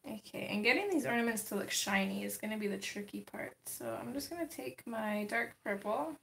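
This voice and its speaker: A woman hosts a casual livestream at her home desk, chatting to viewers and talking with her cat. Her voice is on the high side, gravelly, a bit bright, and animated, and she speaks fairly quickly. The recording picks up room echo and faint noise.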